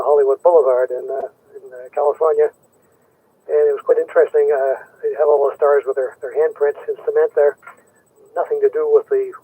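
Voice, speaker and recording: Husky man over a tinny radio link. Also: on the high side. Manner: rambling, chuckling storyteller. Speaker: caller on a ham radio net. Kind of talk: casual radio chat.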